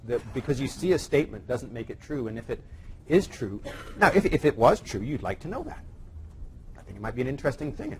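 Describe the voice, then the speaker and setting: A man's voice: medium pitch, a little mellow, a little hiss or hum. A man teaching a live class on evidence-based medicine, chatty and teasing with his co-presenter. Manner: jokey, teasing, conversational. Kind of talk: live teaching session with banter.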